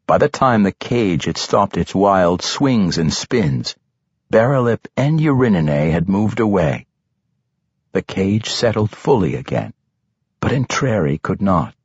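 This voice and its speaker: A man reading a fantasy novel aloud as an audiobook narrator, with a dramatic, expressive delivery. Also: sits low, measured pace, husky, dry recording. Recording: dry, slightly dull studio recording.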